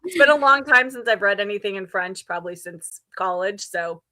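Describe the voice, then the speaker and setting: A woman's voice: medium pitch, animated, a little fast, pushed and bright. A woman hosting a livestream readalong, chatting casually and laughing often. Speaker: livestream host. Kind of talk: casual chat.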